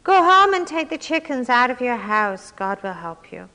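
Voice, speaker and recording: A woman's voice: fairly high pitch, clean tone, big-room sound, full character voice. Woman reading as a serene old rabbi. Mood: calm. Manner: calm, measured, gentle. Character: calm, wise older rabbi giving advice.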